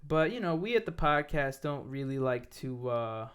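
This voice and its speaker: A man's voice: medium pitch, big pitch swings, normal speed, a bit bright, clear, resonant tone. A young man co-hosting a podcast, telling a rambling story with sarcastic asides. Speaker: podcast co-host. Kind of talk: casual podcast chat.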